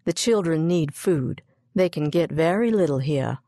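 A woman's voice: low voice, animated, measured pace, warm tone, no room sound, clean studio sound. Woman reading as a stern old grandmother.

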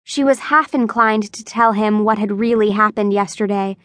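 A woman reading an unabridged young adult novel as audiobook narrator, in a measured, even manner. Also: mid-range voice, dry recording, clean studio sound. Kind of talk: scripted narration.

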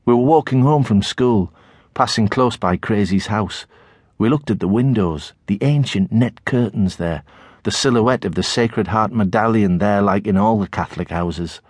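A middle-aged man with a Tyneside accent narrating a children's novel in the first person, expressive storytelling. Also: lowish voice, moderate pace, husky, dry recording, studio quality. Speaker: audiobook narrator.

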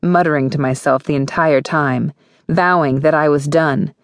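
A woman with a low-pitched voice reads a first-person romance novel aloud in a wry, intimate tone. The sound is dry and close, straight from a studio booth. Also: steady tone, normal speed, no room sound. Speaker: audiobook narrator.

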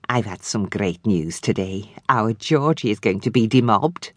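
A woman's voice: very deep voice, unhurried, no echo, pitched below the performer's own voice. A woman reading an audiobook, voicing a tired, plain-spoken middle-aged mother. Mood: weary.

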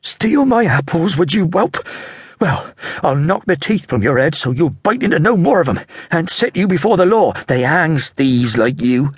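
A man putting on a spiteful, shrill peasant woman selling apples. Her voice jumps high and sharp as she scolds and sneers, with a dry, close sound. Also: big pitch swings, moderate pace, husky, no echo.

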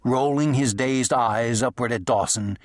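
A man reading a western novel aloud as an audiobook narrator, in an even, measured storytelling manner. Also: mid-range voice, no echo, studio quality. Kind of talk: scripted narration.

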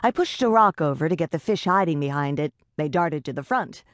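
A woman narrating an audiobook in the first person, measured and tense, on a close studio mic. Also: low-pitched, expressive, dry recording.

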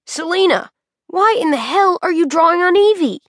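A woman's voice: very high voice, lively intonation, normal speed, no room sound, clean studio sound, voice pushed up. A woman voicing a laid-back young man with a Southern Californian surfer accent, in an audiobook reading. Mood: baffled. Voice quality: easygoing drawl.

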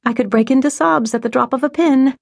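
A woman's voice: sits high, fairly quick, creaky, darkish tone, no echo, clean studio sound, voice pushed up. A woman voicing an anxious young saleswoman with forced cheer.

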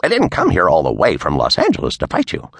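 A man voicing a brash, pushy male public official who is quick to take offense, in an audiobook. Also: very deep voice, huge pitch swings, vocal fry, a bit bright, breathy edge, dry recording, full character voice. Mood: indignant.

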